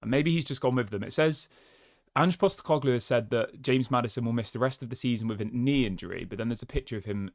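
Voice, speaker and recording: A man's voice: medium pitch, quick pace. A man hosts a casual football chat show from his desk and talks straight to his viewers. He thinks aloud, restarts his sentences and piles up small asides in a mid-range voice. The sound is close and dry, with no room echo. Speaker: football channel host. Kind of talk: casual solo fan commentary.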